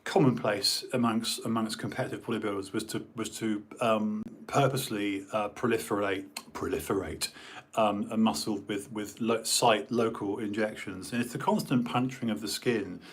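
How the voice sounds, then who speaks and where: A man's voice: fairly low pitch, fairly even intonation, normal speed, few pauses, breathy edge. A man and former bodybuilder, chatting casually in a rambling way, full of fillers and restarts. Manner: meandering, many fillers and restarts. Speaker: former competitive bodybuilder hosting a stream.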